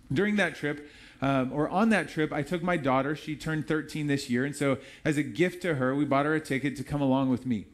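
A man in his thirties or forties delivers a church sermon, chatty and storytelling rather than formal. His voice sits somewhat high for a man, and he talks to the congregation with easy, casual asides. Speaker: pastor.

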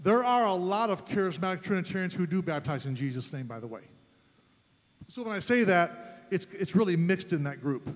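A man preaching a sermon as pastor, emphatic, rising to loud fervent peaks. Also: high voice, expressive, brisk. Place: church sanctuary. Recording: long church reverb.

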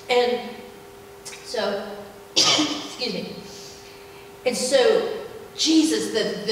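A woman's voice: fairly high pitch, fairly bright tone. A woman teaching a Bible passage during a church service, chatty and enthusiastic, with plenty of fillers. She is heard from a distance in a big echoing hall with a long reverb and faint room noise. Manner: conversational and enthusiastic, with many fillers. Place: church sanctuary. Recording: echoey hall from far off.

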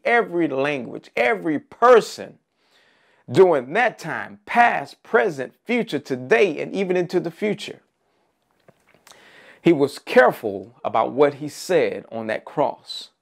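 A man's voice: fairly high pitch, vocal fry. A man preaching an Easter sermon, emphatic, with rising repeated phrases and frequent "uh" fillers.

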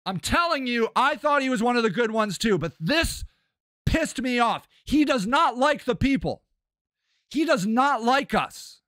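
A man hosting a podcast, delivering an impassioned, profane political rant that swings between shouting and low muttering. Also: lively intonation, unhurried, no echo, clean studio sound. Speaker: podcast host.

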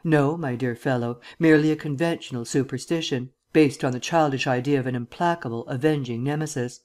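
A male audiobook reader voicing a witty, condescending gentleman detective with an airily superior, drawling manner. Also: medium pitch, fairly quick, close to an everyday voice. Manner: drawling, airily superior, archaic upper-class phrasing. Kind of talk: audiobook character reading.

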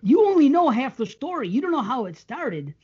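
Man, podcast co-host, chatty storyteller, husky, lively, dull lo-fi sound. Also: very high-pitched, fairly quick. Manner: chatty storyteller, laughs often. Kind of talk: casual chat.

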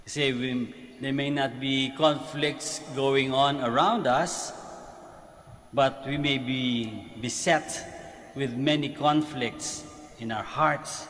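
A man's voice: mid-range voice, steady tone, slow pace, a bit bright. A man with a Filipino accent, a priest giving a homily at Mass in a large basilica, switching between Tagalog and English and repeating phrases for emphasis. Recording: long church reverb, faint ambience.

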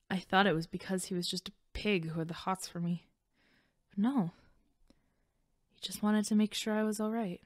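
A woman's voice: medium pitch, dry recording, close to an everyday voice. A woman plays a guilt-ridden young woman warrior in a storybook audiobook, confiding earnestly and uncertainly. Her voice sits mid-range and is recorded dry and close. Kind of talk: audiobook voice acting.

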